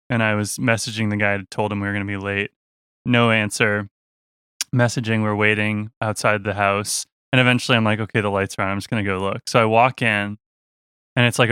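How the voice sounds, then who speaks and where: A young man, a touring musician, telling a story in a casual chat, animated and laughing, slipping into voices for the people he quotes. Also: fairly low pitch, smooth, no echo, studio quality.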